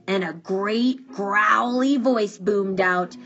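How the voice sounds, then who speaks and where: A woman reading a children's picture book aloud in an animated, expressive way. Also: medium pitch, unhurried, hardly any pauses. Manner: animated, drawing out words for effect. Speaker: storybook reader. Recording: dull, muffled recording with faint music.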